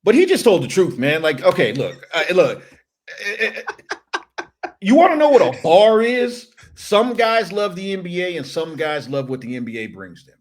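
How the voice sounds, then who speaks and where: Fairly high-voiced man arguing on a podcast. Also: big pitch swings, moderate pace. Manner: emphatic, with frequent restarts and hedging asides. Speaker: podcast guest. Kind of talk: casual sports chat.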